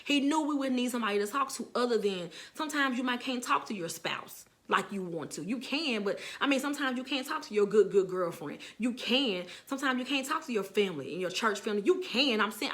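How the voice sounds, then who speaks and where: A woman's voice: on the high side, animated, a little fast, hardly any pauses, a bit bright. A middle-aged woman casually preaching to viewers as a motivational speaker, earnest and encouraging, often repeating herself for emphasis.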